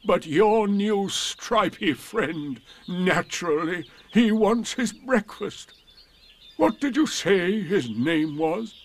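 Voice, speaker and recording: Here is a mournful old donkey, put on by a male storyteller. He drags each word out slowly and sighs his way through every sentence. The voice sits higher than a plain man's reading voice, and it sounds set back in the room. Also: animated, heavily acted. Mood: gloomy. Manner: drawn-out, slow, sighing speech.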